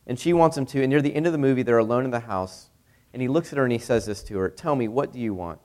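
A man's voice: mid-range voice, very fast, darkish tone. A young male pastor giving a sermon in a conversational way, with many rhetorical questions.

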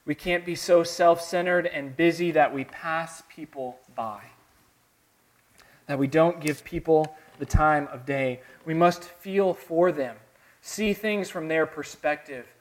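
A man's voice: a little high, fairly even intonation, takes it slowly. Earnest Southern man preaching a sermon. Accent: Southern American. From American South. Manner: earnest, dramatic swings between soft and emphatic. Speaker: pastor.

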